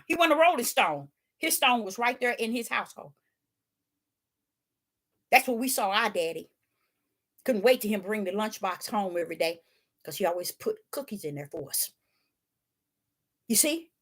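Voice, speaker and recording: A woman's voice: fairly high pitch, sharp tone. A woman preaching informally, emphatic and rhetorical, with folksy dialect and phrases repeated for emphasis.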